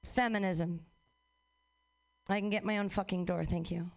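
A young woman doing a stand-up comedy set, rambling and profane, with quick self-mocking asides. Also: medium pitch, fairly even intonation, slight background noise.

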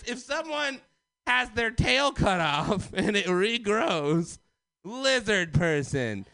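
Male open-mic comic, loud manic ranter, high and bright, unhurried delivery. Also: gravelly, no room sound. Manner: loud, manic, conspiratorial ranting. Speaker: stand-up comedian. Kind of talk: open mic stand-up set.

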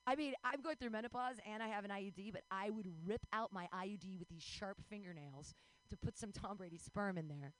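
A woman's voice: mid-range voice, fairly quick, poor audio. A woman in her forties doing a bawdy, self-mocking stand-up set, breaking into squealing voices. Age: 40s. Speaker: stand-up comedian.

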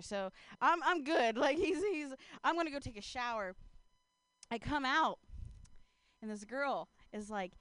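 A woman's voice: high voice, lively intonation, moderate pace, fairly bright tone, no room sound. A young woman comedian telling a rambling stand-up story on stage, full of fillers, laughing at her own jokes into a handheld mic.

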